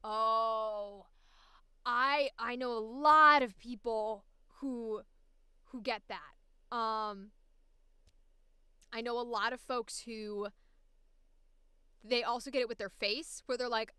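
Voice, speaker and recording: A woman's voice: on the high side, steady tone, slow pace, pauses often, pushed and bright, smooth, no room sound, studio quality. A woman voice actor chatting casually on a livestream, laughing often and swearing freely. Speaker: voice actor streamer.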